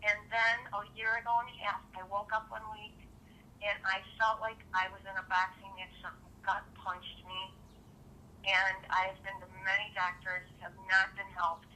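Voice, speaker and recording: A middle-aged woman calling in, hoarse from too little sleep, talking in a chatty, rambling way. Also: medium pitch, little pitch movement, moderate pace, bright, forceful tone, slight background noise, poor audio. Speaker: caller. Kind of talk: phone call chat.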